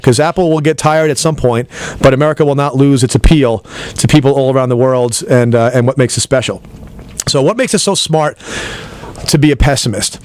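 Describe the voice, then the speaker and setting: A man's voice: a little high, a little mellow. Upbeat man hosting a radio show. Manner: emphatic, persuasive, upbeat. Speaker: radio talk show host. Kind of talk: talk radio monologue. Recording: radio broadcast studio.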